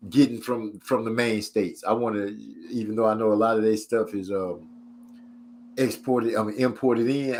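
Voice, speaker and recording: A middle-aged man telling funny stories in casual chat, his voice jumping up when he quotes people. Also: slight background noise. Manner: animated storyteller, jumps high for quoted voices.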